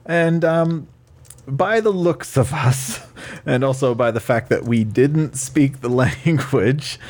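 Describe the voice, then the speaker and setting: A man's voice: mid-range voice, slow, darkish tone. A man in a tabletop role-play chat, questioning witnesses in a mock trial, talking hesitantly with many fillers and restarts.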